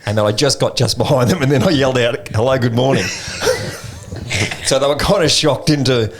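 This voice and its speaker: An Australian man co-hosting a podcast, chatting casually and telling animated stories with frequent laughter. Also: mid-range voice, fairly quick, noisy background. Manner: animated storyteller, laughs often. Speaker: podcast co-host. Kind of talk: casual chat.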